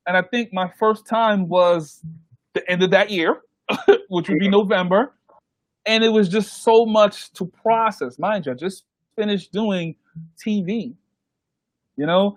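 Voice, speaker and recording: A man's voice: sits high, unhurried, pauses often, no room sound. A man, a guest DJ, telling a story in casual chat on a podcast and acting out the people he quotes. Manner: animated, acts out the people he quotes. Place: podcast recording.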